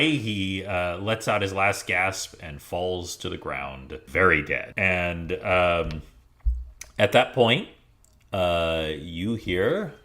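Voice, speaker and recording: Lively, bright-voiced male game master. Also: deep voice. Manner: animated, laughs often, chatty. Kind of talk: narrating a tabletop game.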